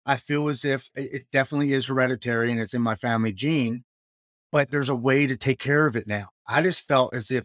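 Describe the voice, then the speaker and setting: A man's voice: medium pitch, a little fast, fairly bright tone, no room sound, studio quality. A man in his forties earnestly telling his own story of addiction and recovery in a casual talk. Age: 40s. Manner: earnest, emotional, matter-of-fact retelling.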